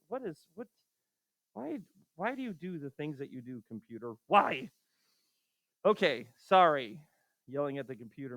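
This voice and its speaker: A man's voice: a little high, a bit bright, dry recording. A man teaching a recorded math lesson, firing rhetorical questions at students and making exasperated asides. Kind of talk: recorded classroom lecture.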